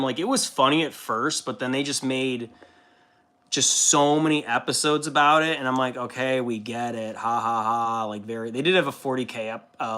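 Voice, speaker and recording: A man's voice: medium pitch, sharp tone. A man streaming casually while painting, rambling in a laid-back way and swearing freely.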